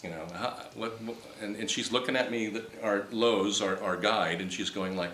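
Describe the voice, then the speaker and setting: A man telling a personal story to a group in casual, animated style, rambling with restarts and acting out the dialogue he quotes. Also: on the low side, fairly quick, few pauses, slight background noise. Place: meeting room with a live audience. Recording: roomy hall with faint ambience.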